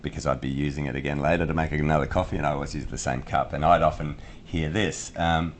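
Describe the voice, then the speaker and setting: A man's voice: very deep voice, steady tone, quick pace, hardly any pauses, a little hiss or hum. A man co-hosting a podcast, explaining ideas in casual chat with everyday examples and frequent restarts. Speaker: podcast co-host.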